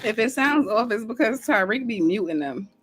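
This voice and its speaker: A woman's voice: a little high, lively intonation, normal speed, a bit bright. A woman streamer chatting casually and with amusement as she reacts to a clip.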